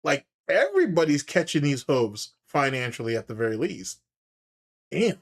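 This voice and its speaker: A male host riffing in casual, profane commentary, teasing and taunting his subject. His voice sits slightly high and leaps up and down expressively. He keeps breaking into laughter as he needles. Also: sing-song, moderate pace. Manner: mocking, taunting, laughs often.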